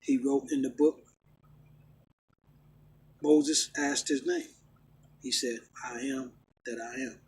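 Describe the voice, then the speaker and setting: A middle-aged man ranting and preaching casually, emphatic and repetitive, swinging from loud outbursts to low, stern talk. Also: steady tone, slow, pauses often, husky, rough recording. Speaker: vlogger preaching his faith. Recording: faint background noise.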